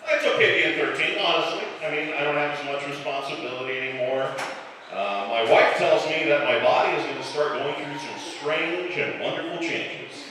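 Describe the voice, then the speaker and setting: A stand-up comedian in his forties from the Chicago area with a slightly softened Chicago accent, telling self-deprecating stories in a dry way with filler pauses. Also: a little high, recorded from a distance, noisy background. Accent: Chicago, mostly softened. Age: 40s. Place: live comedy club stage. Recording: echoey club hall, mic heard from afar.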